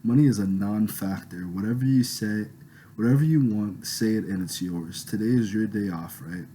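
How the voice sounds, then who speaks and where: A man's voice: lowish voice, normal speed, warm tone, slight background noise, natural voice. A man reading a pushy, rich young woman's coaxing lines in his own plain voice, without doing a voice. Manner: coaxing, insistent.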